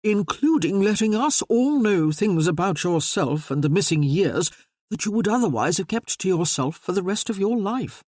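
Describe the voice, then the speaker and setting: A reader voicing a formal gentleman cousin. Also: mid-range voice, animated, moderate pace, dry recording, studio quality, pitched above the performer's own voice, natural voice.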